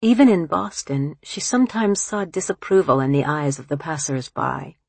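A woman reading literary fiction aloud in a calm, unhurried narration on a close studio mic. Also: low-pitched, creaky, breathy edge, dry recording. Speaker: audiobook narrator.

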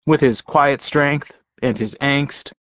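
A man's voice: medium pitch, takes it slowly, no echo, lightly acted. A man voicing a teasing, mock-helpful young man. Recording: slightly dull dry audio.

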